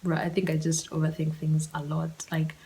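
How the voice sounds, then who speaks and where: A woman's voice: sits low, monotone, normal speed, mellow, low-quality recording. A young woman telling a story on her solo podcast, chatty and slangy, often dropping into a whisper. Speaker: podcast host.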